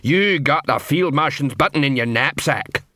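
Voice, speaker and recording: A man reading an audiobook, voicing a pompous, slow-witted troll drill sergeant who bellows orders. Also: on the high side, lively intonation, pushed and bright, no room sound, clean studio sound. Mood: pompous bellowing. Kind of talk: audiobook character voice.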